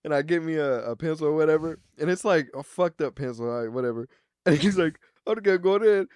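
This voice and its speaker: Young male podcast co-host, high voice, lively storyteller who swears a lot and acts out the other people in his story, close dry mic. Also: fast talker, dry recording. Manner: animated, swearing, acting out both sides of a phone call with laughs. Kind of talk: casual storytelling chat.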